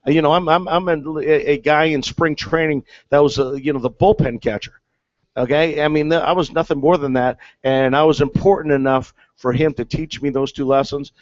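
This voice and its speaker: This ex-catcher from the big leagues speaks as a guest in a fairly high, steady voice at a moderate pace, rambling through a story with many fillers and restarts. The recording is dry, dull and lo-fi.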